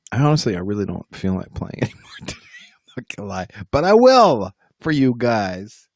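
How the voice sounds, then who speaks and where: A man with a low, gravelly voice and a husky edge hosts a relaxed live stream from home. He rambles, jokes at his own expense and talks right to the chat. The sound is close and dry. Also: dry recording. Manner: rambling, self-mocking, talks straight to the chat. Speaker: livestream host and musician.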